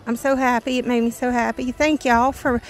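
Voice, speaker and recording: A middle-aged woman with a Southern US accent, chatting casually and joking in animated, rambling rants as host of her painting channel. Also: fairly high pitch, normal speed.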